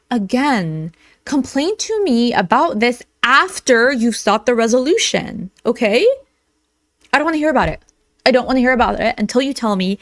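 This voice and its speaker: A woman giving animated, sarcastic reaction commentary while reading text messages aloud. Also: fairly high pitch, normal speed, no room sound, clean studio sound. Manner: animated, sarcastic, reads texts aloud in mock voices.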